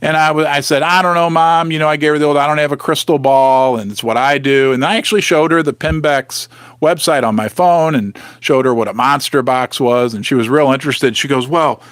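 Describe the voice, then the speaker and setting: A man's voice: fairly high pitch, brisk, fairly bright tone, smooth, no echo, clean studio sound. A middle-aged man hosting a casual livestream, rambling and restarting his sentences while he thanks viewers. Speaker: livestream host.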